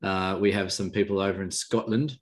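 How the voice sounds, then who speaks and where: Fast-talking low-voiced man. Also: steady tone. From Australia. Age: 30s. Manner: quick, jokey, laughs easily. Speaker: podcast co-host. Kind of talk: casual live-stream chat. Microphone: video call.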